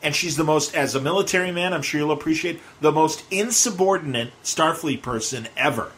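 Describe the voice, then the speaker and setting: A man's voice: fairly high pitch, a little fast, fairly bright tone. A man hosting a casual chat, talkative and opinionated, often trailing off mid-sentence. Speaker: host.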